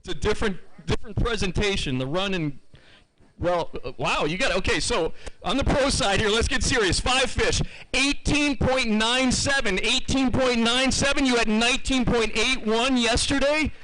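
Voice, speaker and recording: A man's voice: sits high, normal speed, fairly bright tone, slight background noise, rough recording. A man emceeing a live fishing tournament weigh-in outdoors, upbeat and chatty, reading out each weight twice. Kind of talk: live event announcing.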